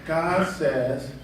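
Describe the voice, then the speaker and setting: A man preaching a sermon as pastor, with call-and-response lines that rise to shouts, in a style. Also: high voice, a little hiss or hum. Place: church sanctuary. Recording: echoey room from far off.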